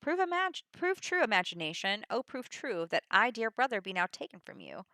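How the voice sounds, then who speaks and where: A young noblewoman, disguised as a young man, speaks her verse with quiet wonder. A woman reads the part plainly, bright-toned, in a dry close sound. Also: fairly high pitch, sing-song, brisk, no echo, heavily acted.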